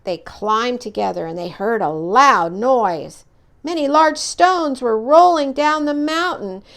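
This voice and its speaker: A woman reading a children's picture book aloud in an expressive, animated way. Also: a little high, takes it slowly, gravelly. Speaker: storyteller.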